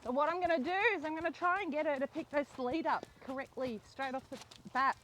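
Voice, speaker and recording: A young woman riding and training a horse outdoors, explaining each step calmly and softly praising the horse. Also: high voice, quick pace, a little hiss or hum. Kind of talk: narrated riding lesson while training a horse. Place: outdoor rural riding arena.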